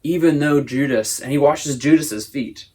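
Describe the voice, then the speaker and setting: A man's voice: a little high, moderate pace, a little mellow, breathy edge. A man teaching a Sunday school lesson, explaining at length in a casual, thoughtful way. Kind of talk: casual Bible discussion.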